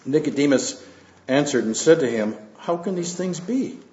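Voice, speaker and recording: A man preaching as a pastor and reading scripture aloud, unhurried, with fillers and asides between the verses. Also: fairly high pitch, lively intonation, darkish tone. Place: church. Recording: roomy, dull lo-fi church recording.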